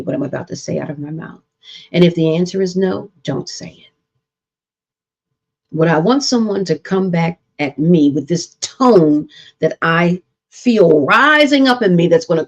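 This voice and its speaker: A woman's voice: fairly low pitch, a little mellow, muffled recording. A woman therapist hosting a live-streamed relationship talk, speaking earnestly and repeating points with preacher-like emphasis. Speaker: therapist and show host.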